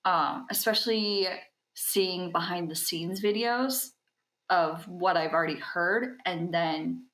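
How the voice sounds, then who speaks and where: A young woman speaks in a casual interview, enthusiastic and chatty, with frequent ums. Her voice sits low and unhurried. The recording has a roomy, echoey sound. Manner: animated and enthusiastic, with filler ums. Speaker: podcast guest, convention talent handler.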